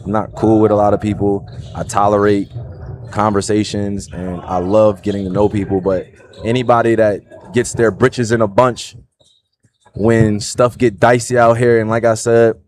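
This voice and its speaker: A livestream host in his thirties with a New Jersey accent speaks in a lowish voice. He talks to his viewers in an earnest, reflective monologue and keeps checking in with "right?". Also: little pitch movement, moderate pace, a little mellow. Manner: earnest, repeats "right?" and "you know".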